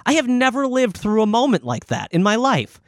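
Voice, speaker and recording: A man co-hosting a casual podcast over a video call, animated and profane, laughing often. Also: very high-pitched, moderate pace, no room sound, clean studio sound. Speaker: podcast co-host.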